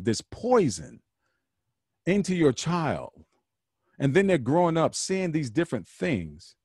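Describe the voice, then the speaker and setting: A man talks straight to his listeners in an earnest, preaching way, often repeating himself to drive a point home. His pitch swings widely as he speaks. The sound is dry and close, with no room around it. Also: creaky, a little mellow, breathy edge, no room sound. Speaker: podcast host. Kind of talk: solo podcast monologue.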